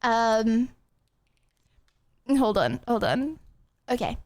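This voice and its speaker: A woman's voice: a little high, big pitch swings, very slow, darkish tone, no echo. A young woman streaming in casual chat, rambling and chatty with lots of filler words.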